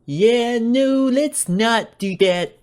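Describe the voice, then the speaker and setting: A man voicing an excitable young male henchman, with a high, loud, yelping voice. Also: drawn-out words, exaggerated voice. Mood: frantic, excited.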